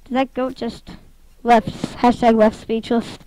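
A woman giving casual, excitable gameplay commentary, giggling and talking to the game as she plays. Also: fairly high pitch, slow, a little hiss or hum, rough recording.

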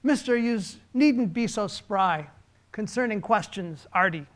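A man's voice: high-pitched, lively intonation, pitched above the performer's own voice. A man putting on a brash Bronx tough guy. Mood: brash, mocking. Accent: Bronx, attempted. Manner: loud, slow, mock-tough recitation.

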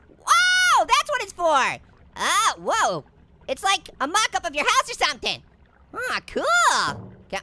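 A woman's voice: very noisy, full character voice. A woman voicing a hyper, giggly cartoon orange who rambles and jokes through a let's play commentary. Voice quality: squeaky, bouncy, silly. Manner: rambling, joking, giggling at own gags. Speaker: gameplay commentator.

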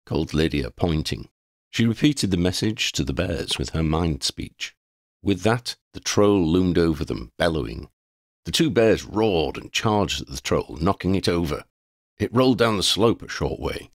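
A man reading a fan fiction chapter aloud as an audiobook narrator, with expressive storytelling. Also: low-pitched, moderate pace, no room sound, clean studio sound.

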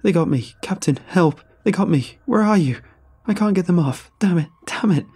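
A man's voice: mid-range voice, brisk, husky. A man voicing a panicked young soldier. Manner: panicked, breathless shouting. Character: young male soldier trapped and terrified.

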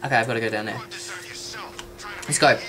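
An excitable woman, gushing and squealing over a let's play. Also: a bass voice, a little fast, a little hiss or hum. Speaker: gaming channel host.

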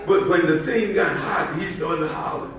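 A high-pitched man preaches a fiery sermon and shouts lines out to the congregation. His voice rings through a very echoey church, picked up from a distance, with the crowd audible behind him. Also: moderate pace. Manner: shouting, call-and-response preaching. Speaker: bishop. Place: church sanctuary.

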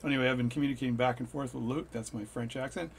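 A man's voice: mid-range voice, steady tone, racing, vocal fry, a little hiss or hum. A man hosting his watch repair channel, chatting casually and jokily at his workbench with plenty of fillers and restarts. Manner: rambling, jokey, with fillers and restarts. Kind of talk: casual workshop talk.

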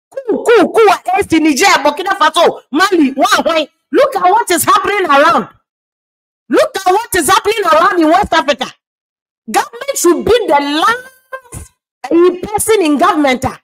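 A woman's voice: very high voice, fairly bright tone, low-quality recording. A woman with a Ghanaian accent, a Twi speaker, giving heated political commentary that moves between English and Twi and repeats words for stress.

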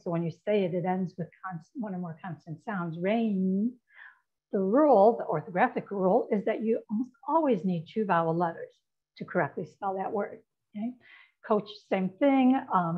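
A woman's voice: medium pitch, dull audio. A woman presenting a lesson on spelling to teachers, explaining step by step and checking in with "right?" and "okay?". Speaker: literacy educator presenting. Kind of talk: instructional presentation.

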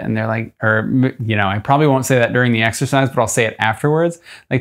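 A man's voice: mid-range voice, fast, few pauses. A young adult man, a strength coach, explaining a training idea in a loose, conversational way, with fillers and self-corrections. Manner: demonstrates push-ups while talking. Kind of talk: casual instructional talk to camera.

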